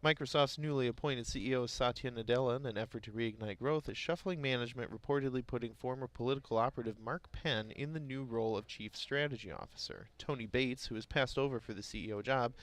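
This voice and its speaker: A man's voice: mid-range voice, fast, few pauses, a bit bright. A man co-hosting a morning market show, chatting and then reading news headlines with occasional stumbles and self-corrections. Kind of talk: casual chat and news reading.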